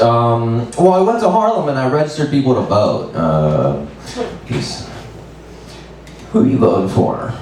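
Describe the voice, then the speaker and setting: A man doing open mic stand-up, laid-back and deadpan with lots of swearing. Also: medium pitch, a little slow, distant mic. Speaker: stand-up comedian. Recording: very echoey room, mic from afar, faint noise.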